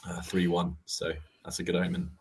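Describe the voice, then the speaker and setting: A man's voice: deep voice, little pitch movement, moderate pace, slightly rough. A man from Oxford co-hosting a football fan podcast, chatting casually with lots of fillers. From Oxford, England. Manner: enthusiastic, rambling with fillers. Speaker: podcast co-host. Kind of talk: casual chat.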